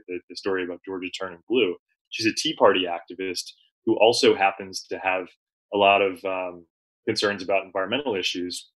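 A man, a journalist guest, recounting an experience in relaxed conversation with frequent fillers and restarts. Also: lowish voice, poor audio. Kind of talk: conversational storytelling.

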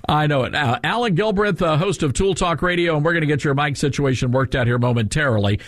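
A man hosting a radio talk show, upbeat and jokey, often filling pauses with uh. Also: fairly high pitch, fairly bright tone, dry recording, studio quality. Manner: jokey, upbeat, many filler uhs. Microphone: studio mic.

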